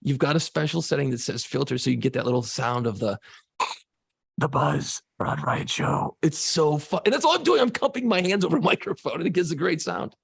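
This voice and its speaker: A laid-back radio host chats on a podcast with a gravelly, husky voice. The sound is dry and close to the mic, and he swears casually as he talks. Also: fairly high pitch, animated, quick pace, hardly any pauses, no echo.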